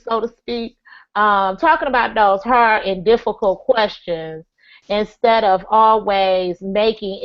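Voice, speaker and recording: A woman moderating a live online panel discussion, speaking with frequent pauses and fillers. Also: mid-range voice. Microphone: video call. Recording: lo-fi web call audio.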